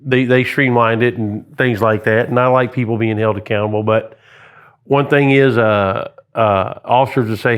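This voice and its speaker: Middle-aged ex-cop telling war stories. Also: male voice, medium pitch, moderate pace, clear, resonant tone, dull audio. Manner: animated anecdotes, acts out radio calls and quotes. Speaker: retired police sergeant, guest. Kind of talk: storytelling in casual interview.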